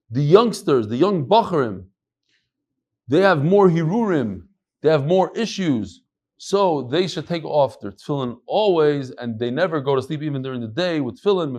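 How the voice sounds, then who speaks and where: A middle-aged man, a rabbi, giving an animated Talmud lecture, moving between quoted Aramaic and chatty English asides. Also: fairly high pitch. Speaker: rabbi teaching a daily Talmud class.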